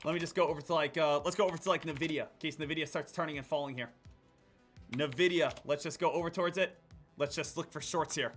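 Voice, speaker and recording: A man giving live day-trading commentary, excitable, jumping between loud hype and quiet muttering. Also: a little high, fast, soft background music. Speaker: day trader streaming his trades.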